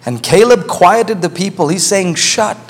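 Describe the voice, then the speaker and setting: A man preaching a sermon as pastor, swinging from hushed asides to shouted climaxes. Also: high voice, normal speed. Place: church sanctuary. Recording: hall reverb.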